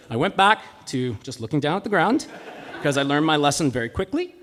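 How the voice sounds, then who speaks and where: A man's voice: a little high, very animated, normal speed, a bit bright, slight background noise. A man telling a personal story live on stage, with a comic, self-mocking delivery. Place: live stage in a cultural center.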